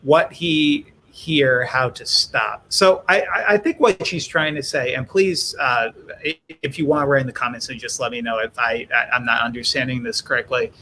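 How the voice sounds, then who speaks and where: A man's voice: medium pitch, moderate pace, bright, forceful tone, a little hiss or hum. A man hosting a live-streamed interview on a video call, reading viewer questions aloud and rephrasing them for his guest. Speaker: host.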